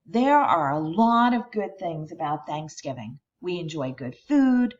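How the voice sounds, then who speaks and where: A woman voicing a cheerful crocodile-like schoolteacher in a higher, brighter voice. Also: big pitch swings, measured pace, dull audio. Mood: teacherly.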